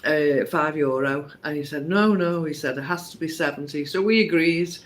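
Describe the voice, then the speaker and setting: Higher-voiced man recounting a trip. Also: normal speed, fairly bright tone. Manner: conversational, often asks "didn't we?", laughs. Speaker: co-host. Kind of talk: casual travel storytelling.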